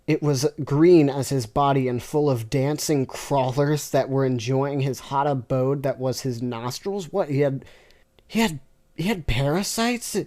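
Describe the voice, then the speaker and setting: A woman reading weird fanfiction aloud with deadpan, sarcastic asides. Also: rumbling low, unhurried, hardly any pauses. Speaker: fanfiction reader. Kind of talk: comic reading with reactions.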